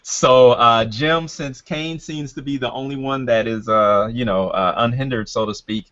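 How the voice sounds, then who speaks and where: A man running a tabletop game as game master, narrating in a halting way with many fillers and restarts. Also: mid-range voice, fairly bright tone, muffled recording.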